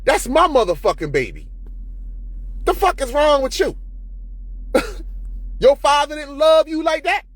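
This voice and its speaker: A man's voice: extremely high pitch, sing-song, moderate pace, fairly bright tone. A man in an unscripted monologue to camera, profane and preachy, often heated. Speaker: vlogger.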